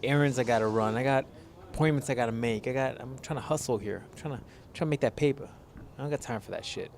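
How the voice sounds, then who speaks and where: A man's voice: mid-range voice, darkish tone. A young man co-hosting a casual podcast, talking bluntly with lots of swearing and joking. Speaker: podcast co-host. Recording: faint background noise.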